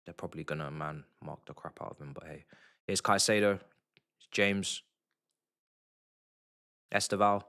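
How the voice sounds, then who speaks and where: A young man hosting a live football watchalong, muttering reactions that flare into loud outraged shouting. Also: low voice, unhurried, pauses often. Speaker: livestream football watchalong host. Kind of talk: live match watchalong commentary.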